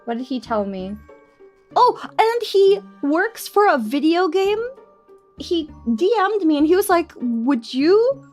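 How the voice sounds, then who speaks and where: A woman's voice: extremely high pitch, very animated, unhurried, soft background music. A young woman chatting casually on a live stream, bubbly and giggly.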